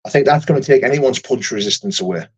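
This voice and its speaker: A man's voice: mid-range voice, animated, fast, a little mellow, breathy edge. A young man who fights for a living, chatting casually on a livestream and answering viewer comments in a rambling, profane way with lots of restarts. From United Kingdom.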